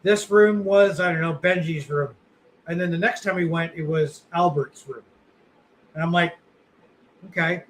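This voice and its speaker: A man's voice: a little high, fairly even intonation, normal speed, a little hiss or hum, poor audio. A man co-hosting a podcast, chatting casually in a rambling, blunt way with lots of fillers and the odd curse. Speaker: podcast co-host.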